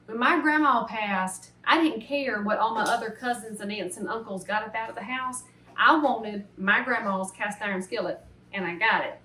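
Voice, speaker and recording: A woman's voice: on the high side, fairly bright tone, distant mic. Chatty Southern woman cooking in an echoey kitchen. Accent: Southern American. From Southern United States. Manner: folksy, opinionated, chatty. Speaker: cooking show host. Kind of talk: casual cooking demonstration. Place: home kitchen. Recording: roomy, mic some way off, faint hiss.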